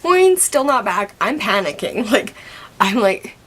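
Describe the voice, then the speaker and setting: A woman's voice: medium pitch, very animated, a little slow, fairly bright tone. A young woman telling a story in a casual, chatty way. She laughs often and acts out what other people said.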